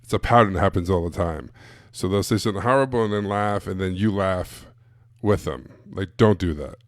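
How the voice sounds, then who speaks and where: A man's voice: sits low, fairly quick, dry recording, clean studio sound. A man giving a blunt, casual live-streamed coaching talk to sales coaches, full of emphatic asides.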